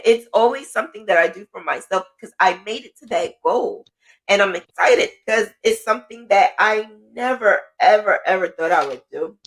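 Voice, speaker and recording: A woman hosting a podcast in a casual monologue. She talks in a chatty, motivational way with frequent fillers, and her voice jumps up in excitement when she quotes her own thoughts. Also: mid-range voice. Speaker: podcast host.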